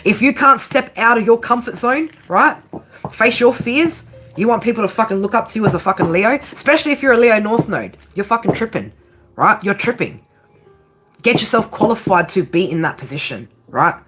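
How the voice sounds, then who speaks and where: A woman's voice: mid-range voice, expressive, fairly quick, fairly bright tone, slightly rough, faint music behind. A woman tarot reader giving a blunt, profane pep talk, peppering her lines with "right?" and "okay?". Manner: repeats "right?" and "okay?" constantly. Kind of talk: tarot reading monologue.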